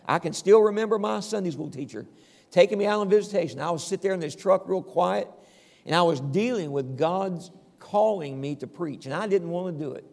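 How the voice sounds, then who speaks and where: A man's voice: high voice, brisk, vocal fry, a little mellow. An older man preaching a conversational sermon as pastor, often checking in with the congregation and chuckling now and then. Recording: long reverb of a large hall.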